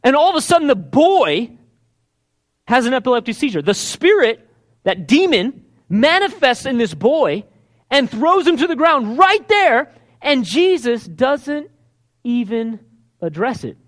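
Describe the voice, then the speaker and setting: A man's voice: very high-pitched, big pitch swings, a little slow. A man preaching a sermon, telling a story with energy and acting out the characters' voices. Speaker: pastor.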